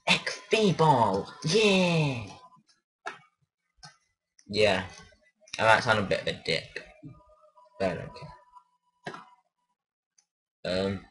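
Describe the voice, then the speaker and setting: A man's voice: deep voice, steady tone, slow pace, long pauses, sharp tone. A man giving rambling, self-conscious commentary while playing a game, often losing his train of thought. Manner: rambling, mumbling, unsure of himself. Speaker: let's play host.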